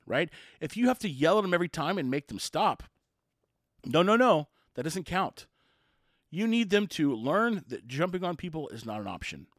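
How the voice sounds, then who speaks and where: A dog trainer delivering a forceful monologue, with a high, lively voice that swings widely in pitch. He stresses his points and jumps into little acted quotes. He sounds like someone arguing his case to listeners. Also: dry recording, clean studio sound. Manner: emphatic, acts out quotes in raised voices. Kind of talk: opinionated monologue.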